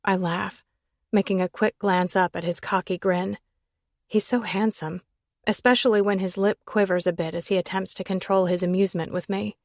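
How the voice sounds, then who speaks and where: A woman narrating a first-person romance audiobook in an intimate, emotional manner that turns breathy at its quiet moments. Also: medium pitch, fairly even intonation, normal speed, no echo, clean studio sound.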